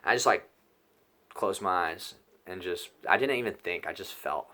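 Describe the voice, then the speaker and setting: A young man telling a rambling personal story in a casual vlog, excitable and full of swearing and fillers. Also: deep voice, normal speed. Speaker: YouTuber telling a trip story.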